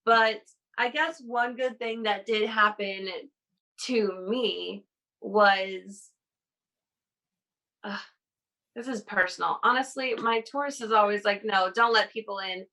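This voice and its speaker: A woman's voice: mid-range voice, slow pace, pushed and bright, low-quality recording. A woman on a casual podcast, telling a personal story in a rambling way, laughing between phrases. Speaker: guest.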